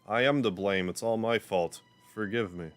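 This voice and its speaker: A shattered old male knight who speaks in formal, mournful phrases, lost in guilt, as a man with a deep voice reads his lines. Faint music hums behind the story game. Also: normal speed, natural voice. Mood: guilty. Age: older.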